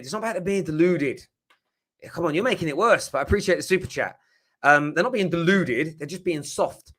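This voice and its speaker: A man's voice: a little high, lively intonation, brisk, a bit bright. A man hosting a live football reaction stream, talking with passion and emphasis, cursing when riled up. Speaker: football fan channel host.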